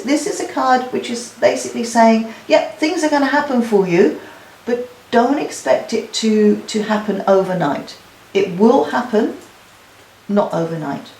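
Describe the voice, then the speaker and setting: Woman tarot reader, warm-hearted chatter to her cards, recorded in an echoey room. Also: mid-range voice, slight background noise. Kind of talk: weekly tarot card reading.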